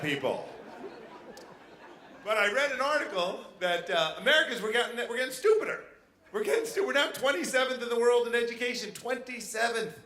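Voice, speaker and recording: A man doing a brash, animated stand-up comedy set on a casino stage, hopping into quick character voices. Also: high voice, a little hiss or hum. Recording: echoey venue with faint ambience.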